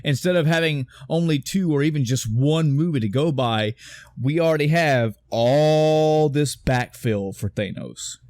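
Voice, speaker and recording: A man's voice: fairly high pitch, unhurried, a little mellow, dry recording, studio quality. A man co-hosting a podcast, recapping a film in a rambling, profane, casual way and often mixing up names. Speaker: podcast co-host.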